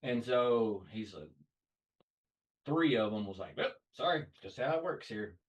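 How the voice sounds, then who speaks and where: A man's voice: mid-range voice, lively intonation, unhurried, recorded from a distance, lo-fi sound. A man with a Southern US accent, hosting a podcast and telling stories in casual chat, acting out the voices he quotes. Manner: storytelling, acts out quoted voices. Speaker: podcast host.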